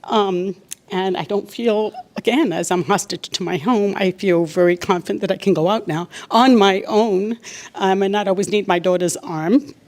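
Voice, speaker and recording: A woman's voice: mid-range voice, moderate pace, darkish tone. A woman giving a heartfelt thank-you speech as a graduating client, her voice catching with emotion. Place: ceremony on a campus.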